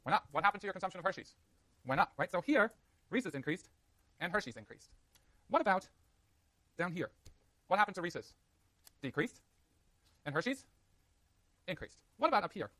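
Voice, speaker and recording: A man lecturing a university class, quick and lively, joking with students as he works through a diagram. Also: high-pitched, no echo. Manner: fast, animated, jokey asides to students.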